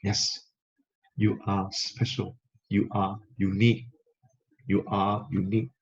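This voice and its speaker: Slow, emphatic motivational speaker man. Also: on the low side, little pitch movement, gravelly. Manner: repetitive, emphatic, coaching. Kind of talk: motivational talk to camera. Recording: slightly muffled lo-fi recording.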